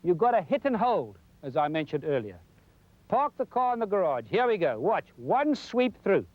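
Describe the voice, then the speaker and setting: In a dry, lo-fi clip from a 1990s TV broadcast, a golf instructor gives a folksy lesson, demonstrating as he goes. His voice sits high and he talks fairly quickly with a lot of animation.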